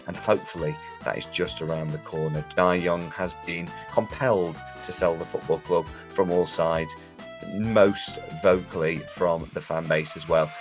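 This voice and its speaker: A man hosting a football podcast, chatting with guests over a call and then recording an earnest outro. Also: low voice. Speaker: podcast host. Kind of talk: casual podcast chat and outro. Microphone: remote call.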